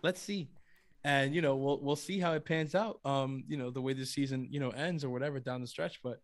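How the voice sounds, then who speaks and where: A man co-hosting a casual sports podcast, talking in an animated way, swearing casually and laughing often. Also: medium pitch, a little fast. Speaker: podcast co-host.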